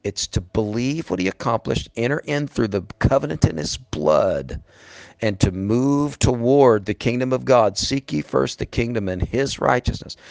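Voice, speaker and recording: A man's voice: fairly low pitch, vocal fry, no echo. A middle-aged man preaching a sermon in an earnest, emphatic way, calling his listeners "beloved".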